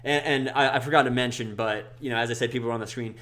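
Young male co-host, casual storyteller, everyday middle voice, animated. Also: fast talker. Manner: animated, acts out quoted people in a high voice. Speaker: podcast co-host.

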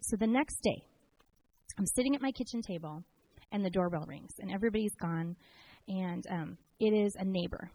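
A woman's voice: mid-range voice, fairly quick. A middle-aged woman telling an emotional personal faith story in a sermon-like way, acting out the voices in her story. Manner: emotional, animated storytelling with quoted dialogue. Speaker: speaker sharing a testimony. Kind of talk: sermon-style personal testimony.

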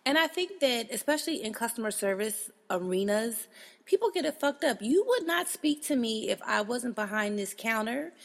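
A woman's voice: a little high, animated, normal speed, big-room sound. A woman hosting a casual monologue in a blunt, frank, exasperated way, with profanity. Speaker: podcast host.

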